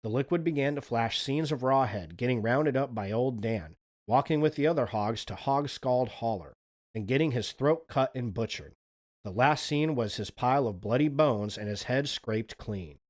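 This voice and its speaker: A man hosting a livestream, telling spooky folk legends in a relaxed, chatty way and swearing casually. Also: mid-range voice, normal speed. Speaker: streamer, host.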